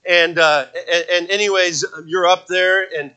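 A man preaching a sermon as pastor, telling a story with many restarts and fillers and acting out shouted voices. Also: high voice, steady tone, a little slow, smooth, poor audio. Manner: acts out shouted voices in his stories. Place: church.

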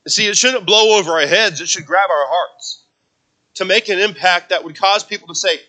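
A male pastor delivers a sermon in church, his voice high and bright. He tells a story with many restarts and fillers and breaks into shouted lines for the people in it. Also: moderate pace, poor audio.

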